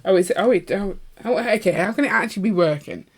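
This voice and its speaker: A woman co-hosting a podcast in casual chat, playful and teasing, getting excitable. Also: mid-range voice, fast, husky. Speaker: podcast co-host.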